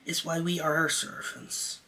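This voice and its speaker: A man's voice: on the high side, monotone, unhurried, pushed and bright, poor audio. A man voicing a loyal, dutiful boy who explains things in a matter-of-fact way.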